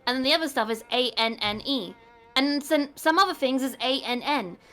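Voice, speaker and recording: A young British woman streaming a game, chatting in an excitable, exclamatory way with quick asides. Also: sits high, faint music behind. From Britain. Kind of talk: casual chat while gaming.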